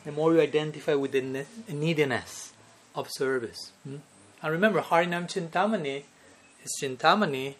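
A spiritual teacher gives a devotional lecture in a slightly high voice at a moderate pace. He chuckles often between points and keeps asking his listeners "no?" and "okay?"

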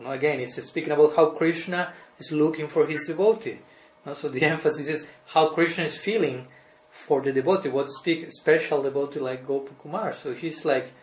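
Male spiritual teacher, fairly high voice, halting, repeats himself, roomy echo on the line. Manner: halting, restarts phrases, ends points with a questioning "no?"; chuckles between points. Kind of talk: devotional lecture answering questions on a call. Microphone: group call.

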